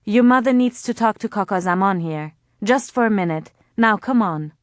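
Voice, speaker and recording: A woman puts on a gentle older woman softly coaxing a little girl. The pitch is middling and the sound is dry. Her words are patient. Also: expressive, normal speed, no room sound, lightly acted.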